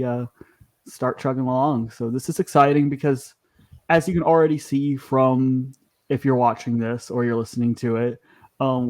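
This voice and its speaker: A man's voice: mid-range voice, darkish tone. A man hosting a podcast, talking casually and chattily, with frequent ums and restarts. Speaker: podcast host.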